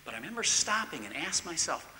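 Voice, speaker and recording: A middle-aged man giving a church teaching talk, swinging from loud emphatic bursts to hushed near-whispers. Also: on the high side, big pitch swings, fast, a little hiss or hum. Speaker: marriage course speaker. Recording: long reverb in a large hall.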